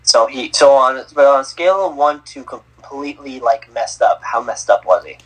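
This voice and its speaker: A man's voice: mid-range voice, moderate pace, fairly bright tone, breathy edge, low-quality recording. A man co-hosting a sports podcast, teasing and wisecracking with the others. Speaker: co-host. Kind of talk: casual sports podcast chat.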